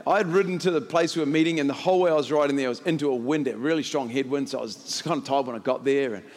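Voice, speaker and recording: A middle-aged male pastor, telling a story in a sermon, laughing often and building to shouts. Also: medium pitch, rapid-fire, long reverb tail.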